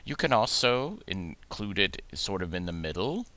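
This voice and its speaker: A man teaching German grammar in a recorded lesson, methodically explaining forms and slowing down to model the German words. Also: sits low, sing-song, sharp tone, no room sound.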